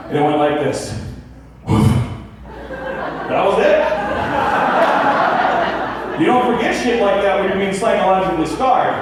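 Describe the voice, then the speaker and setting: Young man doing stand-up, echoey and far. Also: on the high side. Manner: animated storytelling with acted-out quotes. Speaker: stand-up comedian. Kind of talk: stand-up comedy set. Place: comedy club stage. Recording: echoey club audio from a far camera.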